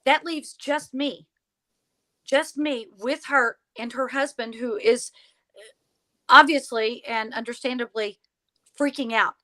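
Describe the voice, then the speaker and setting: A woman guest telling a story in conversation, animated, acting out the lines of the people in it. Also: fairly high pitch, slow, pauses often. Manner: animated, acts out quoted dialogue. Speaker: podcast guest, paranormal investigator.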